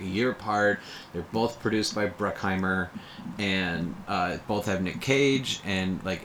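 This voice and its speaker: A young man with a fairly low voice talks loosely and at length in an easygoing chat, leaning on fillers and breaking into laughs. A faint hum of room ambience sits under him. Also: fairly bright tone. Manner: rambling, lots of filler "like", laughs often. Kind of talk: casual podcast chat about movies.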